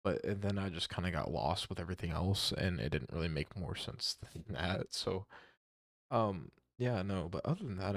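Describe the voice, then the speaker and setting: A man's voice: sits low, expressive, moderate pace, creaky, dry recording, clean studio sound. A young man giving casual, rambling commentary while reacting to music, hesitant with restarts and frequent swearing.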